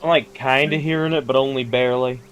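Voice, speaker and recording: A man's voice: mid-range voice, steady tone, fast, a bit bright, muffled recording, soft background music. A man playing a tabletop game, chatting casually and thinking aloud with hesitant restarts. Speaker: player.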